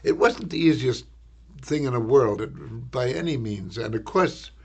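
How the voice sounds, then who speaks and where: Husky older man telling rambling anecdotes. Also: mid-range voice, expressive. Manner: rambling, halting, repeats words. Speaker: actor recalling a film shoot. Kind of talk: anecdotal interview storytelling.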